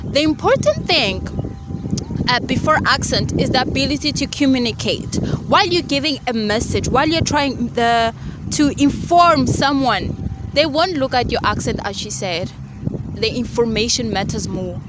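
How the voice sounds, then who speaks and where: Woman host, somewhat high voice, playful and encouraging, street traffic behind. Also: lively intonation, moderate pace. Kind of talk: casual outdoor discussion. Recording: outdoor street noise, passing vehicles.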